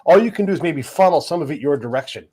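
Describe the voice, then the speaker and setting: Husky-voiced blunt podcast host. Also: male voice, fairly high pitch, animated, fast, warm tone. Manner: blunt, profane, laughs easily. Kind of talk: casual podcast conversation.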